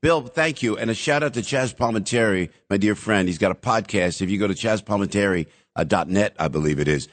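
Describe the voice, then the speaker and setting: A man's voice: lowish voice, brisk, hardly any pauses. A middle-aged man hosting a casual call-in radio show, joking with callers and loose with fillers. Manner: teasing, loose, filler-heavy. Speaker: radio host.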